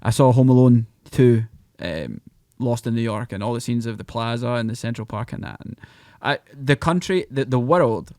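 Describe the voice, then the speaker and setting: A man with a Scottish accent, a podcast guest who talks in animated, rambling bursts. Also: medium pitch, normal speed, no room sound, clean studio sound. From Scotland. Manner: animated, rambling, breaks into mock voices. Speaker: podcast guest, country singer. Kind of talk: casual podcast chat.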